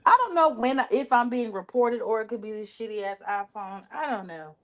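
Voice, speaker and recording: A woman's voice: on the high side, lively intonation, a little fast, muffled recording. Blunt, cussing woman on a livestream. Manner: blunt, profane trash talk. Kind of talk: casual livestream chat.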